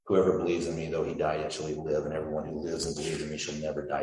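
A man's voice: a bass voice, completely flat delivery, rapid-fire, hardly any pauses, darkish tone, a little hiss or hum. A man preaching a sermon, reading scripture with earnest, rising emphasis and addressing the congregation directly. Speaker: pastor. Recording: echoey hall, speaker far from mic.

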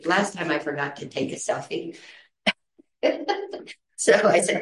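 Low-voiced woman telling a lively story. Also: measured pace. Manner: animated, laughs often, acts out quoted voices. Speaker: storyteller sharing a testimony. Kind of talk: casual storytelling with a Christian message. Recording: echoey room.

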